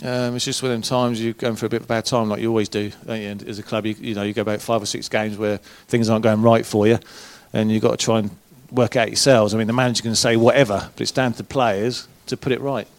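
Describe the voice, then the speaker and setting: A man's voice: lowish voice, flat delivery, fast talker, few pauses. A former footballer, a man, telling colloquial, swearing anecdotes as a guest at a live event. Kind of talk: casual live storytelling. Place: event room with a live audience.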